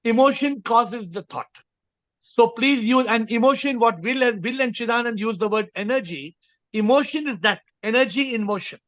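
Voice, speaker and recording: A man's voice: very high voice, moderate pace, fairly bright tone, dry recording, lo-fi sound. A man leading an online group call as a spiritual teacher, explaining emphatically and repeating his phrasing. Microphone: video call.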